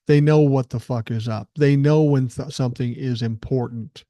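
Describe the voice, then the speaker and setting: A man's voice: mid-range voice, steady tone, moderate pace, dark tone, no room sound. An older man hosting a solo podcast, talking bluntly and emphatically, with frequent swearing. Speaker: podcast host. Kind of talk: solo political podcast monologue.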